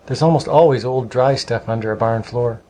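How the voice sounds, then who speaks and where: A man's voice: mid-range voice, normal speed, mellow, a little hiss or hum, lightly acted. A man reading aloud, voicing a bossy, scheming farm boy with a commanding, urgent manner in a storybook.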